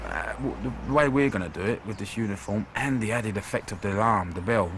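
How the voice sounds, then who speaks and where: A man's voice: on the low side, brisk, a bit bright, a little hiss or hum. Hesitant man explaining props. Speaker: props maker. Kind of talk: explaining to camera.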